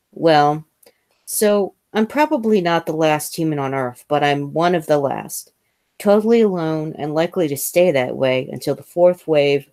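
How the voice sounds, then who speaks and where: A woman with a low, deep-set voice reads a first-person novel aloud, measured and unhurried, now and then stumbling and restarting a phrase. The sound is dry and close, with no room around it. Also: darkish tone, dry recording. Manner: measured reading with small slips and restarts. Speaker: host reading a novel aloud.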